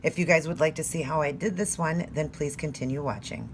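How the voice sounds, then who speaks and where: Low-voiced chatty woman nail vlogger. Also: a little fast, a little hiss or hum. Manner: chatty, friendly, step-by-step explaining. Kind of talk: casual tutorial vlog.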